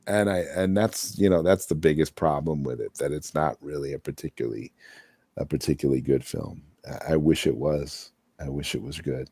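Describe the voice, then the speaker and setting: A man's voice: rumbling low, moderate pace, warm tone, breathy edge, no echo. A man co-hosting a casual chat, rambling and restarting, hedging with "I mean" and "you know". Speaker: podcast co-host.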